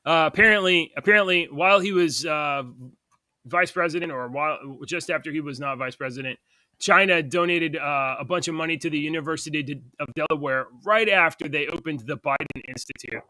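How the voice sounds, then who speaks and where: A man hosting a casual podcast chat, his voice slightly high and bright. He rambles from one point to the next and laughs between them. The sound is close and dry. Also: a little fast, no echo. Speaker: podcast co-host.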